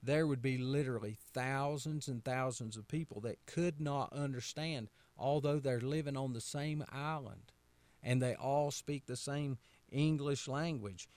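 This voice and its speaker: A man's voice: mid-range voice, a little mellow, no echo. A man from North Carolina with a Southern American accent, a pastor hosting a radio talk in a folksy way, repeating phrases and asking rhetorical questions.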